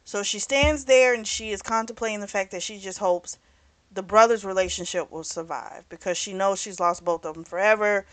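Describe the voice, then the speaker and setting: A woman hosting a book club channel, casually retelling a novel's plot in a chatty, animated way with frequent "you know"s. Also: mid-range voice, normal speed.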